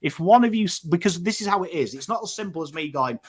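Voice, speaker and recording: An English man talks on a casual podcast with a fairly high voice. He is animated and swears freely, often tossing in "right?" as he goes. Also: quick pace, hardly any pauses, breathy edge. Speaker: podcast host. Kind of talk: casual chat.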